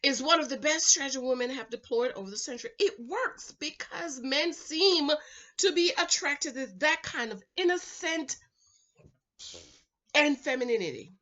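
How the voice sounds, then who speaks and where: A woman from the Caribbean islands talks casually to her viewers, loud and playful, her high voice swooping all over. Her tone is bright and sharp. The sound is dull and lo-fi, picked up by a camera with no microphone. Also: moderate pace. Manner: animated, loud, laughs often, playful. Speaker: YouTube reality-show reviewer. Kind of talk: casual chat reading viewer comments. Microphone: camera mic, no microphone.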